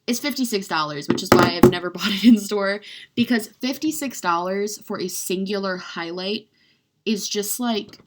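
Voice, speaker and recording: Young woman vlogger, casual and rambly, gushes and teases herself, mid-pitched everyday voice. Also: moderate pace, a little hiss or hum. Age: young adult. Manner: rambling, chatty, heavy use of "like"; gushing, self-mocking. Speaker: beauty vlogger. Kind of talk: casual chat.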